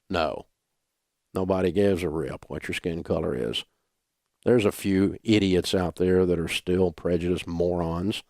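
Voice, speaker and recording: A man's voice: deep voice, darkish tone, no echo, studio quality. An older man with a Southern US accent, a radio talk show host delivering a folksy, blunt, emphatic monologue. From Southern United States.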